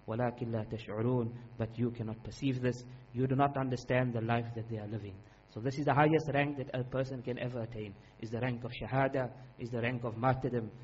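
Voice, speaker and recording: A man delivers an earnest, emphatic sermon at a middling pitch, leaning on repetition and quick recitation of Arabic verses. The recording is dull and lo-fi, with a faint hum underneath. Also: darkish tone. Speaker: Islamic preacher.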